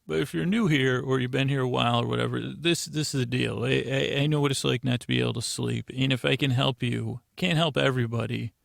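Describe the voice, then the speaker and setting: A man's voice: medium pitch, steady tone, brisk, gravelly, hardly any pauses, no echo, clean studio sound. A man hosting a bedtime podcast, rambling and meandering with many restarts. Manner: meandering, self-interrupting, drowsy. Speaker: podcast host.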